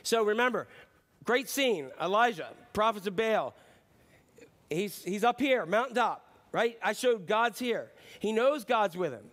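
A pastor preaching a sermon, retelling a Bible story with animated, playful storytelling. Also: male voice, sits high, a little slow. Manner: animated storytelling, slipping into playful character voices.

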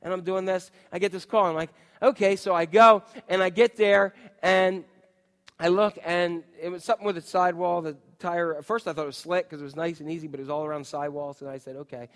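Man, pastor, high voice, animated storytelling sermon, middle-aged. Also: fast.

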